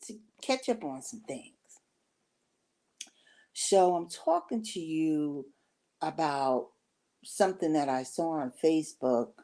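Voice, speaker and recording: An older woman telling a personal story in an unhurried, rambling way, full of asides to the listener. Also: deep voice, warm tone. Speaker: vlogger.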